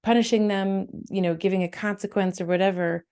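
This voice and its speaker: A middle-aged woman with an Australian accent, a psychotherapist giving animated parenting advice. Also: mid-range voice, brisk, clear, resonant tone. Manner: animated, acts out parent and child voices.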